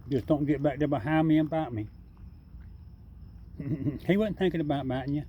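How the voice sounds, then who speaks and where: A man's voice: a little high, moderate pace, pauses often, mellow, a little hiss or hum. A man talking casually outdoors at night, coaxing and teasing an animal in a folksy, easygoing way. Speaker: backyard wildlife feeder. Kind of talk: casual talk to an animal while filming. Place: outdoors at night by a water drum.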